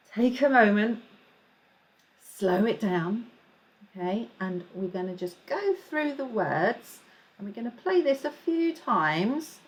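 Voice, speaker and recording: A woman teaching an online music lesson to children, speaking in an encouraging, clear way and slowing down to model words and clapping. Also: mid-range voice, fairly bright tone.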